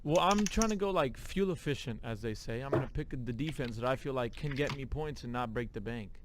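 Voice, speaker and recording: A man's voice: mid-range voice, expressive, brisk, background noise. A man co-hosting a podcast in casual sports banter, teasing and arguing his case with numbers. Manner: teasing, argumentative with stats. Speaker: podcast co-host.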